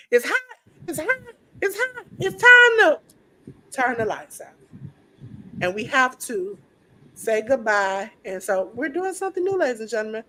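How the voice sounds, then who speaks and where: A woman co-host closes out a live-streamed podcast with playful hype, jumping between loud bursts and quiet asides. Her voice is going hoarse from the show. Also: medium pitch. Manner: hyped, playful, swings from loud to soft. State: losing her voice.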